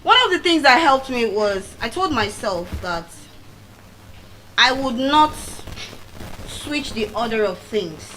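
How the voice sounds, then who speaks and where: Animated Nigerian woman giving a speech. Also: on the high side, slow, long pauses, a little hiss or hum, low-quality recording. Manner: animated storytelling, repeats key phrases for emphasis. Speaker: motivational speaker. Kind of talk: public speech.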